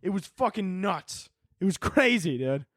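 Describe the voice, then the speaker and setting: A man's voice: high voice, unhurried, no echo, studio quality. A man in his twenties hosting a solo podcast, ranting casually with lots of swearing. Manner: profane, animated, ranting. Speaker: podcast host.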